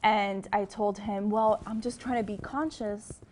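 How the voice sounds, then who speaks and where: A woman's voice: mid-range voice, fairly even intonation, measured pace, darkish tone, a little hiss or hum. A young woman with a Miami accent, a TV news reporter, giving chatty advice to students with lots of ums and restarts. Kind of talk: casual advice talk to students.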